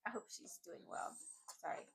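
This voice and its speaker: A woman's voice: normal speed, noisy background. A woman vlogger chatting casually and giddily to her viewers about her crochet projects, rambling from one thought to the next. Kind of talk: casual chat to camera. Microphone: desk microphone.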